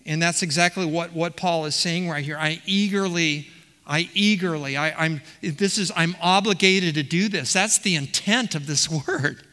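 Preacher, male, high and bright voice, emphatic and questioning, long church reverb. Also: normal speed. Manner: emphatic, repeats words, asks questions of the congregation. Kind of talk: expository sermon. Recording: long reverb of a large hall.

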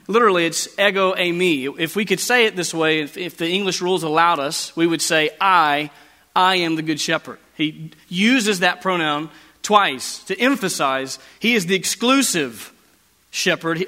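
Bright emphatic preaching man. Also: high voice, lively intonation. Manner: emphatic preaching, slowing down on key phrases. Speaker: pastor. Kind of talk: sermon. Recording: long hall reverb.

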